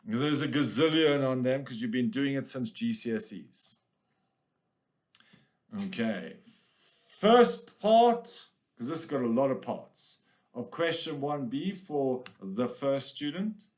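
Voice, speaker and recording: A male teacher giving an exam revision lesson, energetic, jokey and direct with his students. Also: mid-range voice, a little slow.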